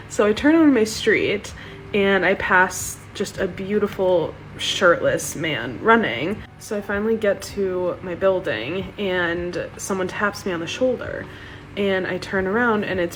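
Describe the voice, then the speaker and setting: A young woman tells a dating story in a bubbly, chatty rush. Her voice sits in a middle pitch, with faint noise in the background. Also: expressive, unhurried. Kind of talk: storytime vlog.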